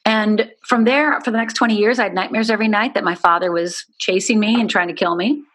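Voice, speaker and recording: A woman's voice: medium pitch, fairly even intonation, brisk, fairly bright tone. A middle-aged woman speaks as an interview guest, telling her own story. She is candid and earnest, and she leans on "you know" as she talks.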